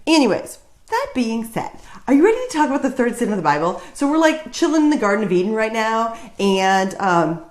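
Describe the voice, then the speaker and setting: A woman's voice: fairly high pitch, big pitch swings, fairly quick. A woman vlogging casually to camera about her Bible reading, chatty and jokey, with plenty of fillers. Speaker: vlogger sharing Bible reflections. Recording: roomy echo.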